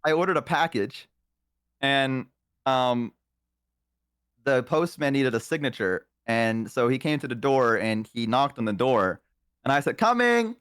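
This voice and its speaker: A man on a live stream telling stories in casual chat, animated, swearing freely and laughing often. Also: medium pitch, a little slow, pauses often, clear, resonant tone, dry recording, studio quality. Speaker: stream guest.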